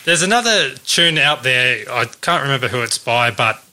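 A man's voice: mid-range voice, expressive, moderate pace, bright, forceful tone. A man co-hosting a podcast in casual chat, laughing often and poking fun at himself. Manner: laughs often, self-deprecating. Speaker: podcast co-host.

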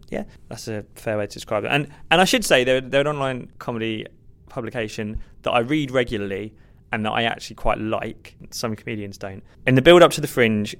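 A young comic guesting on a podcast gives rambling, self-mocking answers to interview questions, with frequent restarts, in an earnest conversational tone. His mid-range voice is creaky, smooth and fairly bright.

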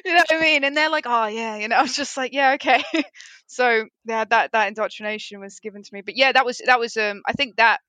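A woman on a podcast panel, telling lively stories in casual chat and acting out her relatives with a laugh. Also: on the high side, fast, no echo. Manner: animated storyteller, laughs often, mimics relatives.

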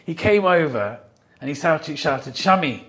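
A middle-aged man sits in his office as a podcast guest and tells his stories with real animation. He acts out the lines he quotes, and his voice sits at a middle pitch for a man. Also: fairly quick. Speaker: podcast guest, watch company founder. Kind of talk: casual chat.

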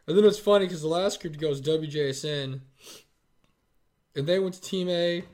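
A man co-hosting a casual chat, retelling a TV episode with lively acted-out quotes. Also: on the high side, moderate pace. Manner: animated retelling, acts out quotes in a raised voice. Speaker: podcast co-host. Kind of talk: casual chat recapping a TV show.

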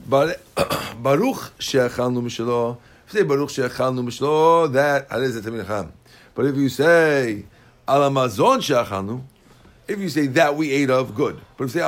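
A man teaching a Talmud class, explaining Aramaic and Hebrew phrases in plain terms with lively energy. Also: medium pitch.

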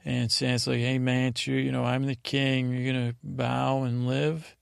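A man's voice: medium pitch, flat delivery, unhurried, vocal fry, clean tone, no room sound, clean studio sound. A man hosting a sleep podcast, casually retelling TV scenes in a meandering, drowsy way. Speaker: podcast host. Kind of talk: rambling sleep podcast recap.

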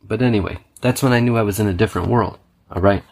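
A man's voice: fairly low pitch, fast talker, vocal fry, darkish tone. A man hosting a podcast, telling stories in a rambling, profane monologue and punctuating his sentences with "okay.". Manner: restless, self-described scatterbrained. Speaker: podcast host. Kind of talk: casual storytelling monologue.

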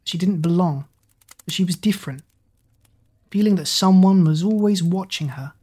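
A woman narrates a story in an even, measured reading voice. Her pitch sits on the low side, and her delivery stays steady from line to line. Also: slightly rough.

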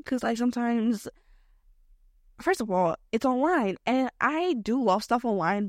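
A young woman hosting her own podcast, chatting casually in a slangy, expressive way that jumps between topics, recorded at home late at night. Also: fairly high pitch, no echo, studio quality. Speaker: podcast host. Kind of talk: casual solo podcast chat.

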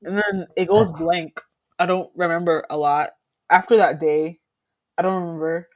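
A young woman co-hosting a podcast, telling a school story in a casual, animated way and laughing as she acts out what people said. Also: fairly low pitch, normal speed. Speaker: podcast co-host.

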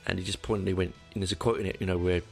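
Low gravelly man, rambling podcast. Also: little pitch movement, very fast, a little mellow, soft background music. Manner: rambling, self-correcting and candid, with dry asides. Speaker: podcast host. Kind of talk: casual solo podcast monologue.

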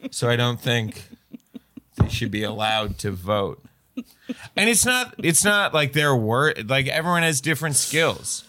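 A man, a comedian on a podcast, doing deadpan ironic bits in casual chat. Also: medium pitch, clean tone.

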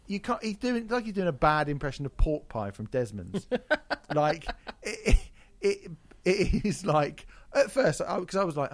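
A man co-hosting a podcast, talking in a casual, animated and mocking way with plenty of swearing. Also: fairly high pitch, normal speed, no room sound. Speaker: podcast co-host.

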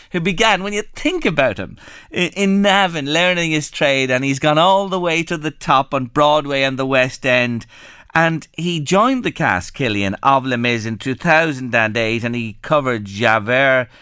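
A man's voice: mid-range voice, pushed and bright, smooth, no room sound, clean studio sound. A man presenting a radio show in a chatty, enthusiastic way.

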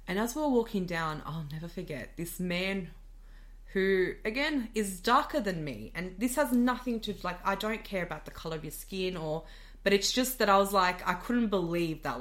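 An Australian woman, a podcast guest, telling a story in casual chat, animated and full of "like" fillers. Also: on the low side. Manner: animated, many "like" fillers, laughs often.

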